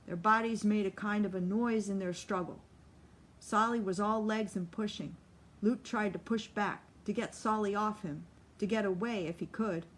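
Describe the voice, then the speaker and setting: A woman narrating a novel as an audiobook reader, with steady, measured storytelling. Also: mid-range voice.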